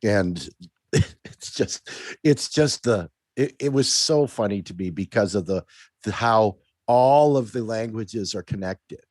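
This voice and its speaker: A man's voice: lowish voice, expressive, slow pace, darkish tone, no room sound. A man co-hosting a casual political talk podcast, enthusiastic and rambling, often checking in with "right?". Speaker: podcast co-host. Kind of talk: casual political commentary chat.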